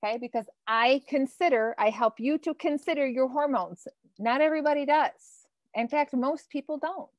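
A high-pitched woman in her thirties, teaching as a nutrition coach in an animated, loose way that drops swear words and reacts to comments. Her voice sits close and dry on the mic, with no room around it. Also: normal speed, no room sound, muffled recording. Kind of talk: live-streamed coaching talk.

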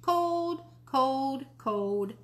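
Lady reading a kids book, doing a bratty little boy voice, high and whiny, jealous of the new baby. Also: very animated, moderate pace, a bit bright. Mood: playful. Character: small mischievous boy, jealous of baby sister. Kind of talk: read-aloud storybook.

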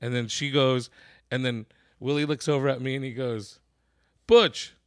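A man's voice: mid-range voice, normal speed. A man hosting a podcast, telling a long comedy anecdote in a casual, profane way and acting out the people in it. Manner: animated, profane, acts out voices in his stories. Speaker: podcast host. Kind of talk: casual storytelling.

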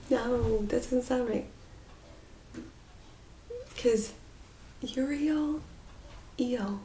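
Woman tarot reader, warm low-key tone, earnest and rambling, echoey room. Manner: earnest, rambling, drops into soft whispers. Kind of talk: spiritual tarot reading monologue. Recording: echoey room with faint noise.

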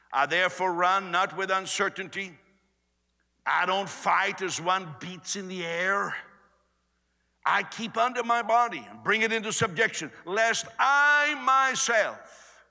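Bright-voiced preacher in an echoing hall. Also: male voice, on the high side. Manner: conversational preaching with sudden loud and soft swings. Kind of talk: sermon. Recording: long reverb of a large hall.

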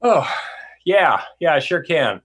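A man's voice: on the high side, very animated, slow pace, a bit bright, husky. A man, a regular on the show, explaining the music game from his home studio over a video call, out of breath and joking dryly. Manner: dry, playful humor. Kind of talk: casual live-stream presentation.

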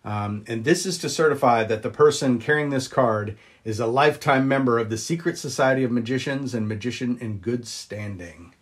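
A man's voice: moderate pace, hardly any pauses. Easygoing guy streaming live, lots of ums, voice shoots way up on the big "wha-bam" moments. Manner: chatty, greets viewers, jumps up high on exclamations; frequent ums and uhs. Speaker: vlogger showing magic props. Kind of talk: casual live-stream chat.

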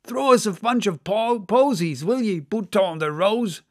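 A man's voice: high-pitched, unhurried, voice pushed up. A man doing a bellowing, teasing old-time whaling mate. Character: boisterous joking male whaling mate. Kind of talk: audiobook character voice.

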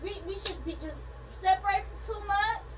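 A woman with a very high voice talks casually, insistent and repetitive. She is recorded from a distance, with clear background noise around her. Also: moderate pace. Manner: insistent, repeating herself. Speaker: vlogger. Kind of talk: casual prank banter. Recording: distant mic in a noisy room.

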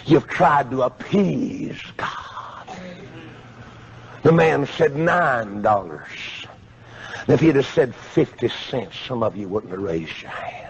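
A man preaching a revival sermon, swinging from quiet pleading to shouting. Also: mid-range voice, animated, slow pace, noisy background. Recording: muffled lo-fi sermon tape.

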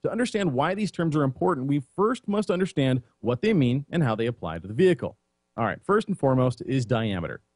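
A man's voice: medium pitch, very animated, fast, darkish tone, no echo, clean studio sound. A man co-hosting a podcast, presenting a semi-scripted tech segment in an explanatory way.

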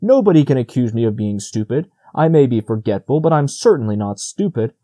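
A touchy jay bird, as a man reads him, rasping and sneering at the others. His voice is a little louder and sharper in his outbursts, and it stays mellow underneath. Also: mid-range voice, sing-song, fairly quick. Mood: indignant.

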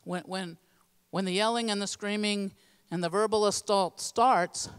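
A woman's voice: mid-range voice, fairly even intonation, measured pace, clear, resonant tone, big-room sound. A woman giving a midweek church teaching in an earnest, plainspoken, practical way. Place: church sanctuary.

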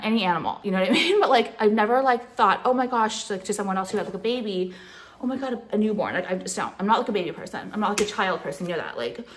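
A woman's voice: mid-range voice, a bit bright. A woman vlogger ranting casually to the camera, profane and sarcastic, with lots of "like" fillers. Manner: profane, sarcastic, filler-heavy valley-girl talk. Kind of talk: casual vlog rant to the camera.

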